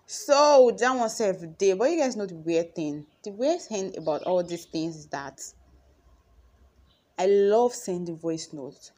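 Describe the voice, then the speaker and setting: A woman's voice: medium pitch, unhurried. Chatty young Nigerian woman vlogging. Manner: chatty and expressive, acts out conversations. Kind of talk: casual monologue to followers.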